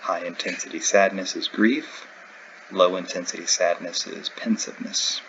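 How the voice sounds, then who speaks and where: A man's voice: deep voice, fairly even intonation, moderate pace, gravelly, fairly bright tone, slight background noise, rough recording. A man teaching a recorded lecture, explaining in a conversational way with everyday examples. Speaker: instructor.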